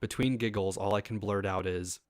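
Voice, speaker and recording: A man with a fairly low voice reads a first-person story aloud in an easy, casual way. He breaks off now and then to talk straight to his listeners. The sound is dry and close, with no room echo. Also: steady tone, normal speed, a little mellow. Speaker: story reader.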